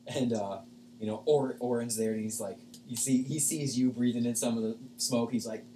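A man's voice: medium pitch, steady tone, normal speed, dark tone, a little hiss or hum. A man narrating a tabletop game as game master, casual and rambling with many fillers. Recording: echoey room, far from mic.

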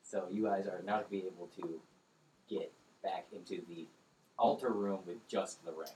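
A man's voice: sits low, steady tone, normal speed, a little mellow, slight background noise, low-quality recording. Casual laid-back game master man. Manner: casual, rambling, laughs easily. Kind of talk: narrating a tabletop game.

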